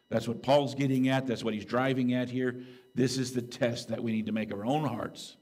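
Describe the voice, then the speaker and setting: A man preaches from the pulpit in an earnest, conversational manner, checking in with his listeners as he goes. His delivery moves between hushed, reflective stretches and raised, emphatic peaks. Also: mid-range voice. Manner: earnest, conversational preaching with "right?" and "okay?" asides. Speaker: pastor. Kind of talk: sermon.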